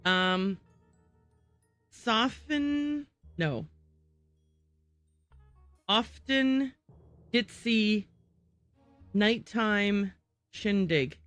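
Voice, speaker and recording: A woman's voice: mid-range voice, lively intonation, very slow, long pauses, a bit bright, dry recording, faint music behind. A woman streaming a game, thinking aloud and muttering to herself as she works through word puzzles. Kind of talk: casual gameplay livestream.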